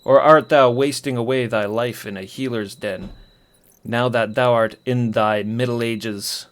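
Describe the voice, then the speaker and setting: A man's voice: mid-range voice, fairly even intonation, unhurried, natural voice. A man voicing a proud, boastful sword trainer. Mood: teasing. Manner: formal, old-fashioned speech.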